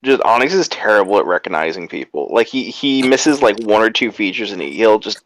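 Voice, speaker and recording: Halting, low-voiced male player. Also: animated, a bit bright, slight background noise, rough recording. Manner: halting, stammering. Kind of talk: tabletop role-play chat.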